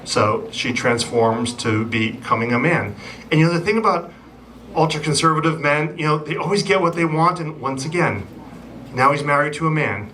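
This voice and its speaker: A man's voice: on the high side, moderate pace. A man doing a stand-up set with a chatty, self-deprecating manner, stopping often on ums and you-knows. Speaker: stand-up comedian. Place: theatre stage before a live audience. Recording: distant mic, loud crowd and noise.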